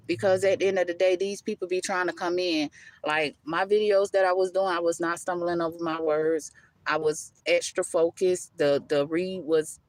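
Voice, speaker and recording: A woman's voice: low voice, dry recording. Emphatic woman giving a spiritual reading. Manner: emphatic, repetitive, calls listener baby and honey; loose, conversational, with self-interruptions. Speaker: tarot reader. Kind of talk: live spiritual reading monologue.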